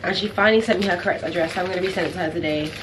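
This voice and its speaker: A woman's voice: on the low side, very fast, background noise. A young woman with a British accent, chatting upbeat to her viewers in a casual vlog. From England. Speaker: vlogger.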